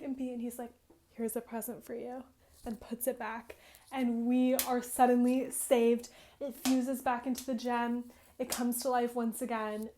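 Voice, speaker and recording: A young woman in her twenties tells a game's plot to her viewers in a fairly high, bubbly voice. She fills nearly every phrase with "like" and builds up the drama breathlessly, as if reliving each twist. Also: a little mellow. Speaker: gaming vlogger. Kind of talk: casual excited game retelling.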